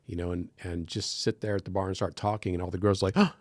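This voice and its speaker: An American man with a deep, low-pitched voice chats as a guest in a podcast studio. He tells stories animatedly and slips into quoted voices as he goes. The sound is dry and close, with no room around it. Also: flat delivery, fast, no echo. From United States. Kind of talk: casual interview chat.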